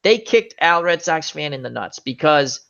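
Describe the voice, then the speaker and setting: A man hosting a casual chat show, rambling from joke to joke with quick asides. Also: a little high, animated, vocal fry, sharp tone, lo-fi sound. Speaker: host.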